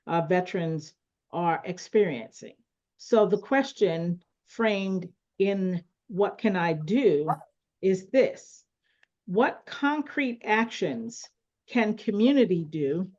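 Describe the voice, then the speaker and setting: A woman moderating a panel discussion on a call, speaking deliberately and often adding a rhetorical "right?". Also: medium pitch, a little mellow, dull audio.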